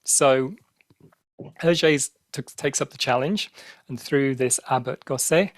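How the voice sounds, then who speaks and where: A man's voice: mid-range voice, no echo. Chatty man giving background, dry sound. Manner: explains at length with many ums and restarts. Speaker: podcast co-host. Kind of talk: casual podcast discussion.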